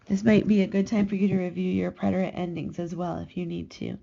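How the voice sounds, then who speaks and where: A woman teaching a recorded Spanish grammar lesson, slowly and carefully drawing out each verb form as she models it. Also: mid-range voice, flat delivery, creaky, warm tone. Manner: slow, careful, drawn-out modeling of conjugations. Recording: slightly dull lo-fi recording.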